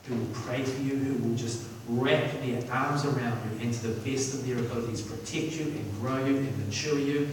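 A man's voice: medium pitch, fairly even intonation, moderate pace, few pauses, a little hiss or hum. Enthusiastic preacher man in an echoey hall. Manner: enthusiastic, repetitive, lots of restarts and fillers. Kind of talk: sermon. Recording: echoey hall from far off with faint ambience.

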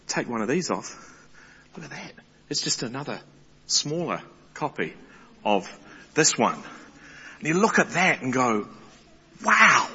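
Bright-voiced preacher. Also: male voice, mid-range voice, unhurried, long pauses, slightly rough. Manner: animated, excitable, stumbling restarts. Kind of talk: sermon. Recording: muffled sound in a large reverberant hall.

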